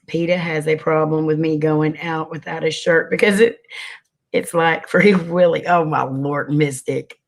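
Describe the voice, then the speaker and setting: A man's voice: on the high side, fairly even intonation, a little slow, gravelly. A man hosting a casual livestream. He chats with viewers, greets them by name and sniffles now and then. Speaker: livestream host.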